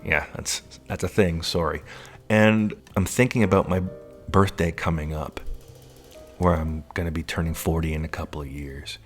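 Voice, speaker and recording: A man in his late thirties telling a personal story in a lively, animated way, acting out the voices of the people in it. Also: extremely low pitch, normal speed, faint music behind. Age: 30s. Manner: animated, acts out quoted voices. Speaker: storyteller recounting his life.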